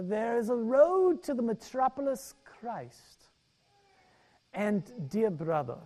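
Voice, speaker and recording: An old-time preacher speaks in a wobbly mock British accent that drifts toward Irish and Southern, as a man reads him aloud. His phrases are stretched out slowly and with drama, in a raised, high voice. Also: mellow, exaggerated voice. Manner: slow dramatic reading, drawn-out phrases. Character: old-time male British preacher giving earnest counsel. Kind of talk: dramatic reading within a sermon.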